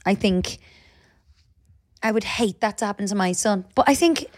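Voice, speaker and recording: A woman's voice: mid-range voice, normal speed, no room sound, studio quality. A young woman co-hosting a podcast, blunt and laughing, swearing freely in casual banter. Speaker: podcast co-host.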